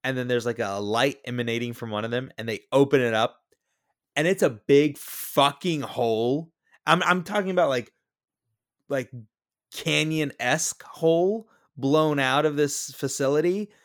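A man with a mid-pitched, everyday voice, bantering on a movie podcast. He tells stories with a teasing, joking edge and talks in a relaxed, conversational way. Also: normal speed. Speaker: podcast co-host. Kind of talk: casual movie podcast chat.

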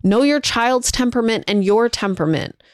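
A woman's voice: fairly high pitch, animated, normal speed, no echo, clean studio sound. A mother talking casually and encouragingly to viewers, sharing parenting advice in a conversational, folksy way.

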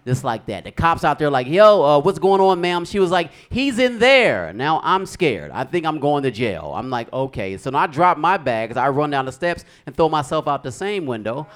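A man's voice: medium pitch, fairly quick, few pauses. A young man doing a stand-up comedy set on a club stage, telling stories and acting out the people in them. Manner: animated storytelling, acting out characters.

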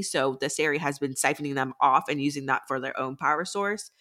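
Bright-voiced woman recapping a book plot. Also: low voice. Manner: chatty, lively recap with filler words. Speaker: podcast co-host.

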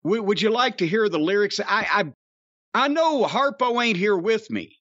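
A man hosting a podcast in casual, profane, rambling chat, his voice getting hoarse. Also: sits high, moderate pace, dry recording, highs cut off. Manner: rambling, animated storyteller, profane. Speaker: podcast host.

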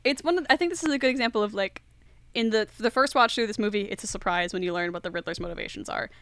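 Young woman host, smooth crisp voice, dry close sound, chatty recap. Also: mid-range voice, fast talker, dry recording. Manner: lively retelling, laughs often. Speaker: podcast host. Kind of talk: casual movie recap chat.

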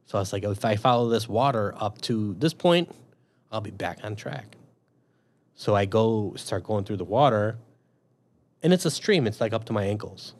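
A man with a slightly low voice tells a story in a loose, chatty way. He swears freely and acts out what he was thinking as he goes. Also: normal speed. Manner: profane, animated storyteller. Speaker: guest telling a story. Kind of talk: casual storytelling.

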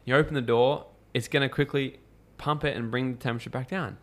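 A man, a podcast guest telling lively stories in casual conversation, acting out quotes and swearing freely. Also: medium pitch, quick pace. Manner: animated storyteller, acts out quotes, swears freely.

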